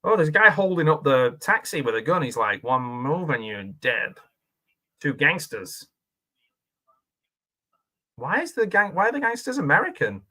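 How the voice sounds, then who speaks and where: A man's voice: fairly high pitch, big pitch swings, moderate pace, long pauses, sharp tone. A man giving casual, rambling reaction commentary on a film, chatting and laughing as he goes. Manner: chatty and rambling, with frequent laughs and self-questioning asides.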